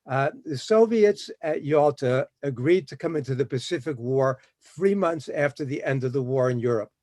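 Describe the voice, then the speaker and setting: A man giving a history talk in a storytelling manner, brisk and with fillers and restarts. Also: medium pitch, animated, darkish tone, no room sound. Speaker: historian speaker.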